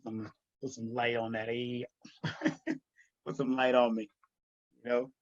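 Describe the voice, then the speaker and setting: A New York man hosts a casual livestream in a medium-pitched, level, unhurried voice, laid-back and repeating phrases as he chuckles often and checks whether viewers can hear him. The lo-fi audio, with no room sound, comes from a webcam or laptop mic on a video call.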